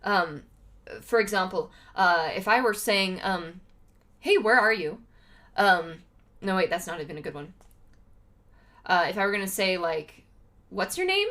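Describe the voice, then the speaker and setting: A woman's voice: on the low side, measured pace, long pauses, a bit bright. A woman livestreaming, chatting casually to her viewers with lots of fillers and laughs. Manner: laughs often between remarks.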